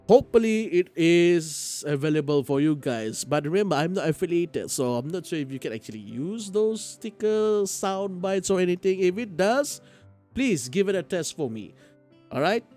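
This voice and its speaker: A man's voice: on the high side, darkish tone. A man streaming a visual novel game live, chatting and laughing with viewers and tripping over his words. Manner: chatty, laughing, stammering restarts.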